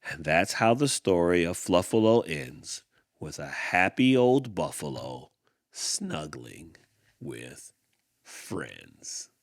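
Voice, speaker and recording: A man hosting a podcast, reading a rhyming story and then reflecting, animated and repeating words as he thinks, saying y'all. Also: low voice, unhurried, dry recording, clean studio sound. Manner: uses y'all. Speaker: podcast host.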